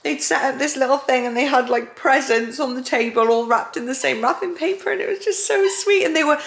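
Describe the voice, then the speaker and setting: A woman's voice: high-pitched, brisk, creaky, fairly bright tone. A young pregnant woman chatting casually at home for a vlog, talkative and emotional, often giggling. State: heavily pregnant. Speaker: vlogger.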